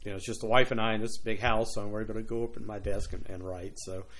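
A man's voice: fairly low pitch, level tone, fast, fairly bright tone. An older man from Louisiana with a Cajun accent, talking through an interview as a guest author, rambling with many restarts. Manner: rambling, many restarts, playful put-on voices. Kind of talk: casual interview chat.

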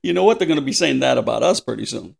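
Lively older man laughing through a podcast. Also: mid-range voice, very fast, creaky, breathy edge. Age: 60s. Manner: laughs often, acts out voices in anecdotes. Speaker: podcast co-host. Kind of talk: casual podcast chat.

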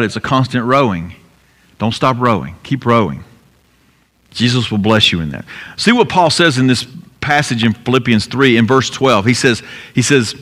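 A man's voice: mid-range voice, fairly bright tone. Earnest male pastor preaching in a reverberant hall. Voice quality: earnest, emphatic preaching with repeated phrases. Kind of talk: sermon.

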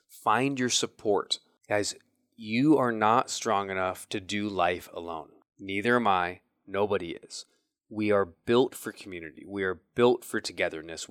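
A man's voice: fairly low pitch, a bit bright, no room sound, clean studio sound. A man hosting a podcast who talks in an earnest, coaching way, speaking straight to his listeners. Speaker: podcast host. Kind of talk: motivational podcast talk.

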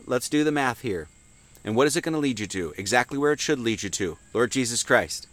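A man's voice: medium pitch, lively intonation, fairly quick, a bit bright, no room sound. A man giving an informal Sunday Bible teaching, asking and answering his own questions and reading verses aloud with lifted emphasis. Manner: conversational, asks and answers his own questions, reads scripture with rising emphasis.

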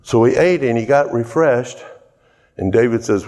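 A man's voice: medium pitch, normal speed, a little mellow. A man preaching a sermon, telling a story earnestly and asking the listeners rhetorical questions. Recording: echoey hall.

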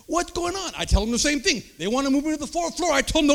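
Gravelly, animated preacher telling a testimony. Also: male voice, very high voice, rapid-fire, hardly any pauses. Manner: animated storytelling, acts out voices. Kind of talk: sermon testimony.

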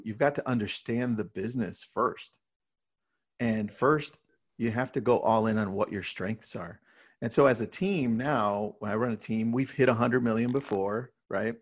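A man who leads a real estate team, talking casually in an interview and telling energetic stories with frequent "right?" tags. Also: medium pitch.

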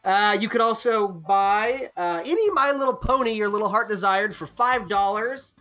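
A man's voice: high voice, moderate pace, bright, forceful tone, faint music behind. Rambling jokey podcast guy. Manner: rambling, jokey, lots of fillers. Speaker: podcast co-host. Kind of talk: casual chat.

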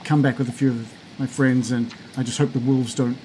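A man voicing a grieving young man who speaks formally and politely, calmly turning down help. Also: mid-range voice, fairly quick, a little hiss or hum, natural voice, poor audio. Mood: composed, polite.

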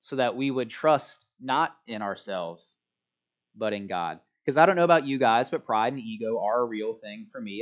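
A man's voice: lowish voice, moderate pace. Laid-back guy preaching at church, chatty, cracks jokes about himself, kinda dull muffled recording. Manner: relaxed, chatty, self-joking. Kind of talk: casual sermon. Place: church hall with a congregation. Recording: dull lo-fi sound.

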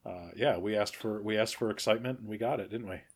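Low-voiced hesitant man co-host. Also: quick pace. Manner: hesitant, full of fillers. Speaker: podcast co-host. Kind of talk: casual chat.

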